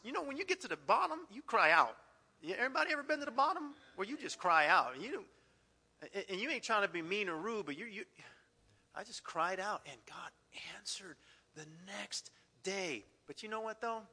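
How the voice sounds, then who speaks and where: A man preaching a sermon, animated, swinging between loud outbursts and hushed asides. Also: sits high. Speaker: pastor. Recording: echoey hall.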